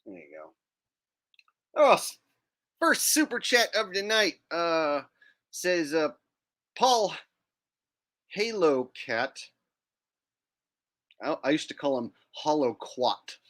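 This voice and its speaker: A man's voice: a little high, big pitch swings, takes it slowly, long pauses, fairly bright tone. A man hosting a livestream, talking casually in a sarcastic, mocking tone and now and then mimicking people in silly voices. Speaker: livestream host.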